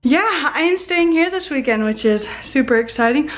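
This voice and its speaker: A woman's voice: high voice, expressive, moderate pace, dull audio, faint music behind. Chatty young woman vlogging at home. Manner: chatty, coos at the dogs in baby talk. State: out of breath, tired. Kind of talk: casual vlog chat. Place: house, indoors.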